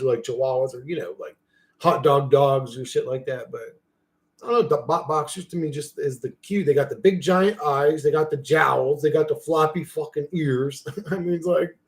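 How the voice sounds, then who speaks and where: Profane rambling man on a livestream. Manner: rambling, profane, talks to his dog in a high playful voice. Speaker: livestream host. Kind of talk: casual livestream chat with viewers.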